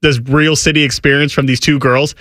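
A man born in New York chatting casually on a talk show, telling relaxed anecdotes. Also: fairly high pitch, brisk, dry recording, clean studio sound. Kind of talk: casual chat.

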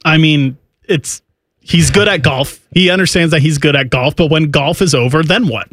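A man from Ohio co-hosting a podcast, chatting casually in a relaxed, rambling, self-deprecating way. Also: on the high side, normal speed, no echo, clean studio sound. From Ohio, United States. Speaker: podcast co-host. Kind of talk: casual chat.

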